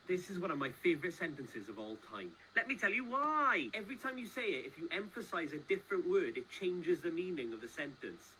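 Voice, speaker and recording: A man speaks playfully in a high, wildly swooping voice, leaning hard on single words as he explains. His tone is bright and sharp, with an animated delivery. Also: fast, hardly any pauses, a little hiss or hum, rough recording. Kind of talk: lively explainer clip.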